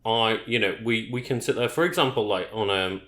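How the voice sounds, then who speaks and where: Low-voiced man in an echoey room. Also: sharp tone. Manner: agreeable, quick back-channel replies. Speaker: podcast guest. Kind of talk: casual podcast chat.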